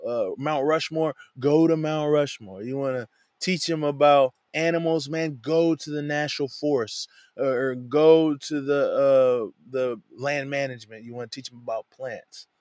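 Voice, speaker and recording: A man's voice: medium pitch, steady tone, unhurried, a little mellow, no echo. A man teaching a Bible passage in a loose, conversational way, often tossing in "man" and "you know what I'm saying". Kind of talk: casual Bible study talk. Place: lives in a van.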